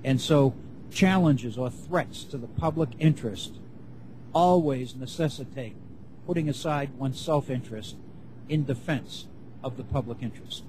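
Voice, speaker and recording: A man giving a classroom lecture, speaking in a measured way and rephrasing his points as he builds them. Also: mid-range voice, a little mellow, slight background noise, rough recording.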